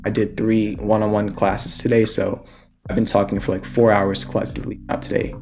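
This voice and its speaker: A man's voice: on the low side, level tone, a little fast, creaky, a little mellow, a little hiss or hum. A young man hosting a casual stock trading livestream, a little out of breath, talking through trade ideas and answering chat questions.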